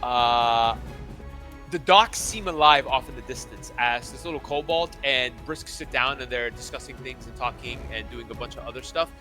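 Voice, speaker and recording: A man's voice: medium pitch, sharp tone. A man narrating a tabletop game as its game master, loose and rambling with many fillers.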